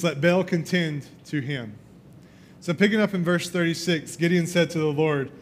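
A man preaching a sermon, retelling a scripture story with lively storytelling and acting out the characters' lines. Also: fairly high pitch, slight background noise.

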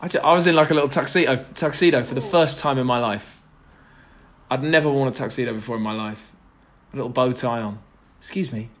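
A man's voice: mid-range voice, quick pace, a little hiss or hum. A young man, a podcast guest, telling stories in a rambling, self-deprecating way with lots of restarts. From Britain. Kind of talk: casual chat.

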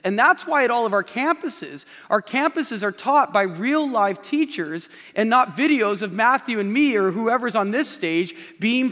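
Male pastor preaching emphatically from a big church stage; fairly high voice carrying a long room echo. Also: a bit bright. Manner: emphatic preaching, repeats key phrases, addresses the congregation directly. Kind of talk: sermon. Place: large church auditorium with a stage. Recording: long reverb of a large hall.

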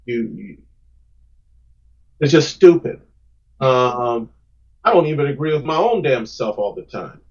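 A comic book creator, a guest on a podcast, answers interview questions about his comics in a medium-pitched, animated voice at a measured pace with long pauses. He is earnest and emphatic, often repeating words as he starts a thought, and the audio sounds dull.

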